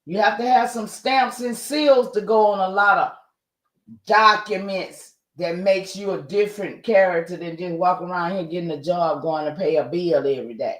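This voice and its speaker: Man, livestream host, casual reactions, talks to viewers, high voice, roomy echo. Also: normal speed, fairly bright tone. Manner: interjects exclamations, addresses the audience as y'all.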